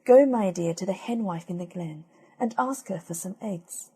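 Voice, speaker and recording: A woman's voice: medium pitch, normal speed, mellow, slightly rough. A woman voicing a jealous queen who speaks with false sweetness in a fairy tale. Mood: sweet.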